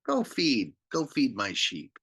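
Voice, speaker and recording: Calm kind teacher, played by a preacher in a children's story, soft and patient, bright tone. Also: male voice, medium pitch, takes it slowly, husky, exaggerated voice. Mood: gentle.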